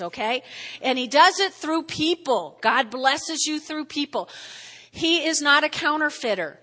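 High bright New Jersey woman preaching. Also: long reverb tail. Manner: energetic preaching with call-and-response checks. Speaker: pastor. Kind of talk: sermon. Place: church sanctuary.

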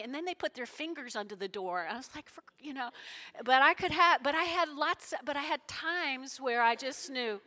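A middle-aged woman pastor preaching to her congregation, folksy, emotional and dropping into soft whispered prayers. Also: on the high side, moderate pace. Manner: folksy, talks to congregation as y'all. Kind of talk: sermon.

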